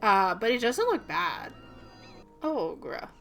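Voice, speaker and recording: Chatty bright-voiced young woman reactor. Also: medium pitch, very animated, slow, creaky, soft background music. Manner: chatty, addressing viewers, a little subdued. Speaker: movie reaction host. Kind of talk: casual reaction commentary.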